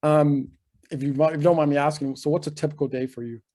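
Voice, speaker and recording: Flat-voiced man hosting a podcast. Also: fairly high pitch. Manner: measured, asks follow-up questions with fillers. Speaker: podcast host. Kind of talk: casual podcast interview.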